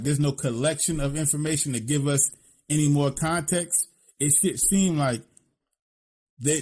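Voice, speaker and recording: This podcast co-host, a Philadelphia man with a Philly accent, speaks at a medium pitch with a dark, somewhat breathy tone. His talk is casual, blunt and full of profanity, and he keeps tossing in "you know what I'm saying."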